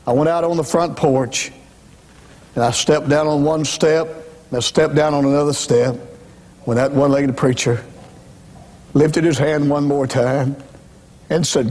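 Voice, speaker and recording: A man's voice: a little high, steady tone, a little slow, long pauses, darkish tone, big-room sound. A man preaching his testimony as an evangelist, telling his story dramatically and speaking straight to the congregation. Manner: dramatic storytelling, acts out voices; emphatic, addresses congregation directly. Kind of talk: sermon testimony.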